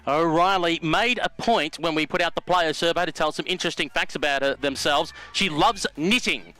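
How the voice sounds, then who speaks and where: Smooth, bright male co-commentator. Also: a little high, moderate pace, poor audio. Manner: dry, teasing asides mixed with player background. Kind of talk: live sports commentary.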